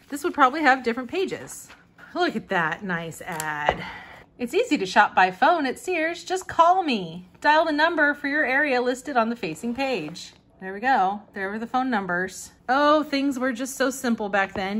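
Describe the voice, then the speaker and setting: A woman's voice: mid-range voice, fairly bright tone. A young woman chatting casually as she flips through an old catalog, reading bits aloud and laughing often. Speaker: vlogger flipping through a vintage catalog.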